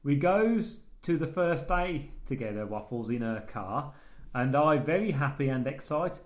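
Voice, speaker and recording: A man's voice: mid-range voice, lively intonation, natural voice. A man reading out a letter in the voice of a simple-minded, bumbling male writer who uses broken grammar. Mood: deadpan. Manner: slow, halting, broken grammar.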